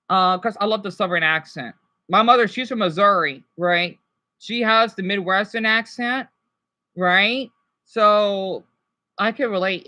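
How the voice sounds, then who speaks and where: A woman's voice: fairly high pitch, a bit bright. A woman streaming live and chatting casually with her viewers.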